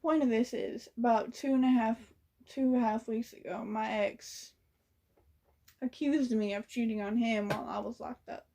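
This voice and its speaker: Chatty young woman with a higher voice. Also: normal speed, a little hiss or hum. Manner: chatty, slangy, animated retelling. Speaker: vlogger. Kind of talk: casual storytelling.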